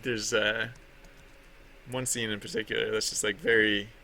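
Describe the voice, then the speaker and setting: While drawing on a livestream, a male artist chats loosely, rambling with plenty of fillers and restarts and laughing at himself. His lowish voice is bright with gravelly fry, level in tone and at normal speed, with faint background hiss.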